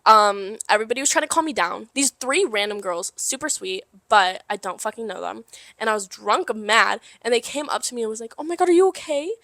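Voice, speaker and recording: A young woman co-hosting a casual podcast, telling a story in an animated way with lots of swearing and laughter. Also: medium pitch, brisk, creaky, dry recording. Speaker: podcast co-host. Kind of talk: casual chat.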